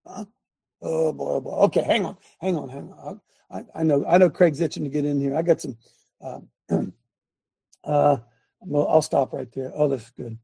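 Gravelly, excitable male talk show host. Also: on the high side, normal speed, dry recording. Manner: excitable, rambling, shouting asides. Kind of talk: fiery political and religious commentary.

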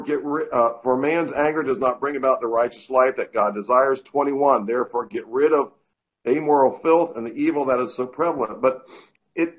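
A man on a Christian talk show who reads and discusses scripture in a halting way, often restarting his thoughts. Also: mid-range voice. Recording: dull lo-fi broadcast audio.

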